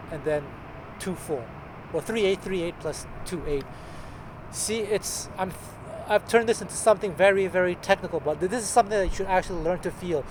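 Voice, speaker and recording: Chatty guitar teacher over loud guitar. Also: male voice, high-pitched, brisk, low-quality recording. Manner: chatty, jokey, counts beats aloud. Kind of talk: casual music lesson. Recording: loud guitar playing under voice.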